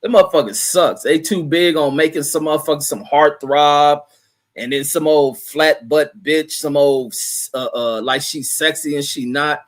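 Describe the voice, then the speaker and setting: A man's voice: fairly high pitch, fairly even intonation, moderate pace. A middle-aged man chatting casually on a livestream from home. He rambles in a loose, profane way, reading viewer comments aloud and riffing on them. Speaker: livestream host reading chat.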